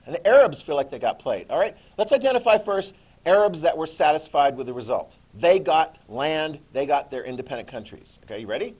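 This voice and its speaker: A man teaching a class, lecturing in a lively way and checking in with the students with frequent "okay?"s and questions. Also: fairly high pitch.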